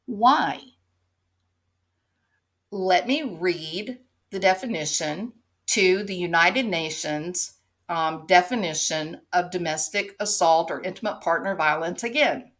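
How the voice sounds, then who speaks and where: A woman with a lowish, slow, slightly bright voice hosts an opinion commentary show. She's sarcastic and pointed, pushing her case with rhetorical "right?" questions.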